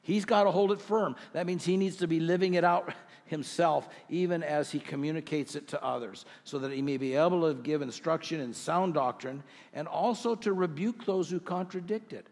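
A middle-aged male pastor preaching a sermon to his congregation, earnest, with rhetorical questions and slow scripture readings. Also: a little high, a little mellow, in a large hall. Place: church sanctuary.

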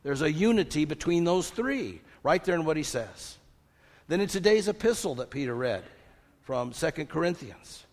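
An older man preaching a sermon, lively, asking rhetorical questions and quoting scripture. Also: on the high side, slightly rough. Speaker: pastor. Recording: long hall reverb.

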